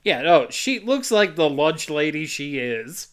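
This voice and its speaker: A man's voice: a little high, big pitch swings, unhurried, clear, resonant tone. Jokey man recapping a movie. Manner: jokey, narrating plot with asides. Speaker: podcast co-host recapping a film. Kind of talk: casual comedic chat.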